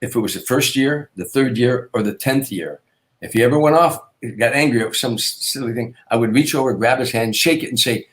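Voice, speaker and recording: An older man, a comedian, telling anecdotes in an interview, with repetitions and quick restarts. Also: mid-range voice. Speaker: guest comedian. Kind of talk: storytelling interview.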